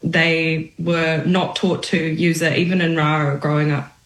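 A woman guest speaking in a measured, reflective way during an interview. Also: deep voice, level tone. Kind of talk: casual interview answer. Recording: roomy echo.

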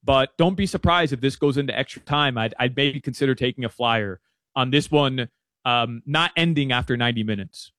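A man's voice: mid-range voice, a little fast, fairly bright tone, no room sound. A man in casual sports talk as a guest analyst, chatty and often repeating words while he thinks. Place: Miami.

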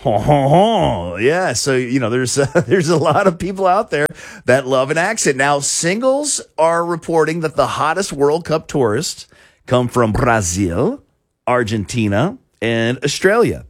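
A man's voice: on the high side, sing-song, measured pace, dry recording, studio quality. A man hosting a talk show, chatting casually in a rambling way with many restarts and chuckles. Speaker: show host.

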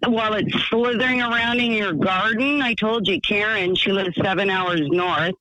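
A man voicing a rambling, excitable woman calling in to a radio show. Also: high-pitched, normal speed, dry recording, rough recording. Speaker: caller.

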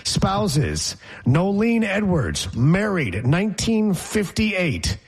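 Husky man joking around. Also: high-pitched, wildly swooping pitch, drawn-out words. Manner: joking, storytelling. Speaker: co-host. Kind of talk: casual banter.

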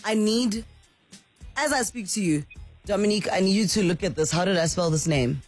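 A woman's voice: medium pitch, brisk, soft background music. A woman hosting a live radio show, chatting with callers in a bubbly, effusive way. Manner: bubbly, effusive, exclaims a lot. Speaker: radio host.

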